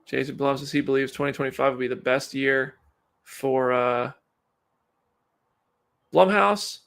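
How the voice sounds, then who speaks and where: A man's voice: medium pitch, fairly even intonation, unhurried, gravelly, fairly bright tone. Chatty man hosting a live stream. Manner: chatty, reads chat and news aloud. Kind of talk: casual live commentary.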